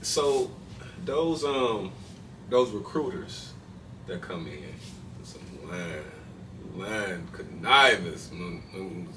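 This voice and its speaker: A man's voice: sits low, very slow. A man hosting a podcast, talking loosely in slangy casual chat with lots of restarts. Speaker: podcast host. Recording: distant mic with faint noise.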